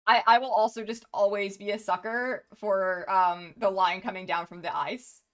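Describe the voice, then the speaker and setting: A woman's voice: mid-range voice, fairly even intonation, moderate pace. A woman streamer chatting casually on a live stream, gushing and rambling with many restarts and laughs.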